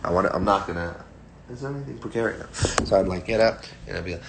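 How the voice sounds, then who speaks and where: A man's voice: lowish voice, expressive, fast, vocal fry, slight background noise. A man, a singer-songwriter hosting a livestream, chatting casually between songs in a rambling way and laughing often. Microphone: phone livestream. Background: piano playing.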